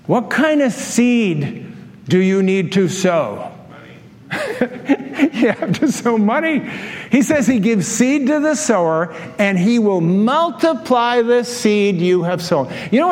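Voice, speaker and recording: A middle-aged male pastor delivers a sermon full of anecdotes, acting out quotes as he goes. His voice sits high for a man. The sound carries a long reverb from the church hall. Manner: animated storytelling with acted-out quotes.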